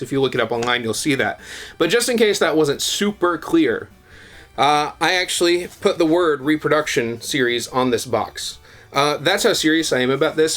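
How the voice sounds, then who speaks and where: Chatty man hosting a casual how-to. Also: medium pitch. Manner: relaxed and chatty, with many ums and uhs. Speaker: video channel host.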